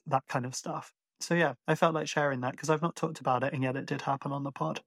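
A man's voice: mid-range voice, fairly even intonation, fast talker, gravelly, few pauses, fairly bright tone, dry recording, studio quality. A man from Ireland with a mixed Irish accent, hosting a podcast and chatting casually with lots of fillers. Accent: Irish, mixed and hard to place. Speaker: podcast host. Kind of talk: casual chat.

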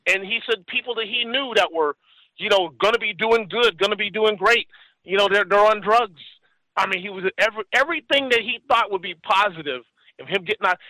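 A man's voice: high voice, a little fast, bright, forceful tone, no echo, rough recording. A man in his forties telling a story in casual chat, rambling and acting out the voices of the people he quotes. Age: 40s.

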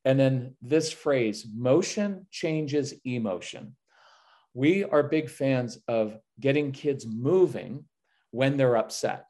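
A man's voice: medium pitch, slow pace. A man guesting on a podcast, giving parenting advice and acting out what he says to his kids. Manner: energetic, acts out parent and child lines. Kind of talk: casual podcast conversation.

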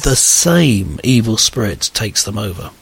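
A man's voice: on the low side, very animated, measured pace, gravelly, husky. A man hosting a talk show, discussing earnestly and posing questions to his co-host.

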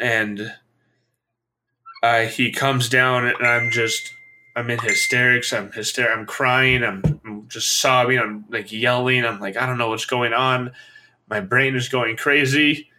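Bright-voiced young man recounting a hard night. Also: mid-range voice. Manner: halting, many restarts and fillers, recounting intensely. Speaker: guest telling a personal story. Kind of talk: personal account in a conversation.

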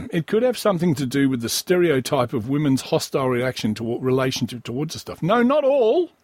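A wheezy man hosts a comedy podcast, riffing crudely and sardonically on a news item, with coughs breaking in. His husky voice swings up and down in pitch. The recording is dry and close. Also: expressive, a little fast, a little mellow, no room sound. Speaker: podcast host. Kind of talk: profane comic riffing on a news story.

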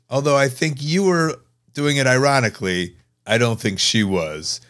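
A man's voice: medium pitch, normal speed, a bit bright. A man hosting a podcast, chatting casually in a laid-back, wry and teasing way. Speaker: podcast host. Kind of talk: casual chat.

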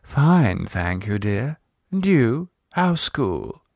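A man's voice: medium pitch, very animated, very slow, darkish tone, no room sound, clean studio sound, heavily acted. A man voicing a refined older English lady who speaks languidly and genteelly. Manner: languid and genteel, calls people dear.

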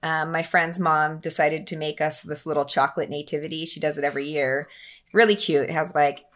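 A woman with a deep voice tells a story fairly quickly in casual chat, lively and self-mocking, imitating the voices of the people involved.

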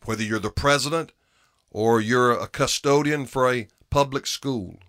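A man's voice: medium pitch, moderate pace, a bit bright. A man preaching a sermon in an earnest way, often repeating phrases and restarting his words for emphasis.

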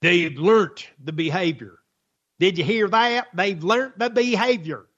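A man's voice: high voice, a little slow, a bit bright. A man hosting a talk radio show, delivering a sarcastic, mocking monologue on the news and laughing at his own jokes. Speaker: radio host. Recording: dull lo-fi radio audio.

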